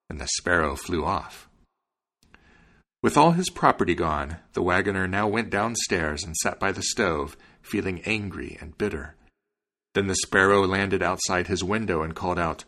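Low-voiced man reading a fairy tale. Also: normal speed. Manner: expressive storytelling, polite sign-off. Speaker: podcast host and narrator.

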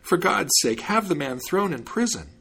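A whining old peddler who pleads and shrieks, pitched high and swinging wildly up and down, as a male storyteller puts him on. The voice has a slightly husky grain. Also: very animated, normal speed, pushed and bright, heavily acted. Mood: wailing.

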